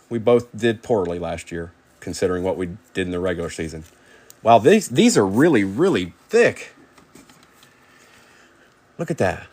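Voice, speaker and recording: A man hosting a live card break, rapidly calling out player names and chatting with viewers by name. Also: on the low side.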